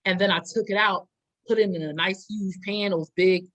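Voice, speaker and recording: A woman's voice: mid-range voice, moderate pace, rough recording. Woman cohost, 30s, chatty and giggly, mouth full of seafood half the time. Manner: animated, laughs often, eating while talking. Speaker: podcast co-host. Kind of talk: casual chat over a meal.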